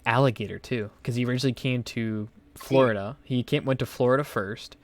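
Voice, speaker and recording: A man's voice: medium pitch, no room sound. A young man hosting a podcast, telling stories in a rambling, profane way full of fillers. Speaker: podcast host. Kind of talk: casual podcast chat.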